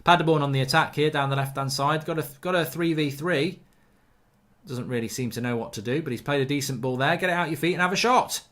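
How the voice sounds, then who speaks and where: A man's voice: fairly high pitch, a bit bright. A man hosting a live football watchalong, chatting casually, reading out viewer comments and giving strong opinions. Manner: chatty, opinionated, quick to get worked up over refereeing.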